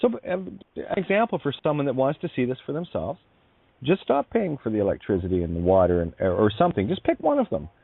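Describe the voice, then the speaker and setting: A man's voice: mid-range voice, huge pitch swings, fast, gravelly, breathy edge, no room sound. A man hosting a spiritual talk radio show, effusive and rambling, calling his guest honey. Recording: dry tinny phone-like line.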